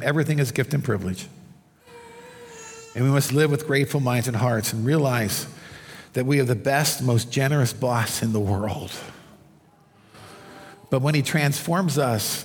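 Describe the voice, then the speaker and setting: A man's voice: medium pitch, creaky. A male pastor preaching a conversational sermon in a church, telling stories and asides to the congregation. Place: church sanctuary under stage lights. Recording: long hall reverb.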